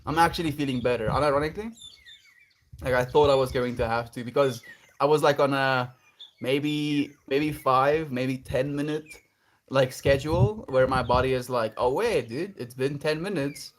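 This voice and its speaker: A man's voice: medium pitch, steady tone, moderate pace, a little hiss or hum. Earnest, reflective male livestreamer. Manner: reflective, earnest, laughs often. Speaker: livestreamer reading chat. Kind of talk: casual livestream chat.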